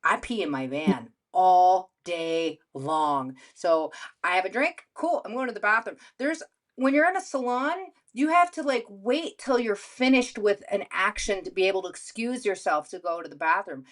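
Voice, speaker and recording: A woman co-hosting a podcast in casual chat, talking in an animated, frank way and swearing casually. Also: mid-range voice, normal speed. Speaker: podcast co-host.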